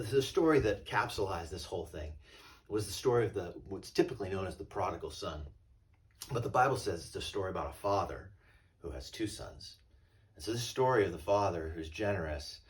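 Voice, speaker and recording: A male pastor with a low voice who preaches in an easy, storytelling way. The voice sounds set back from the mic, heard from a little distance. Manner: conversational and storytelling. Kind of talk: sermon.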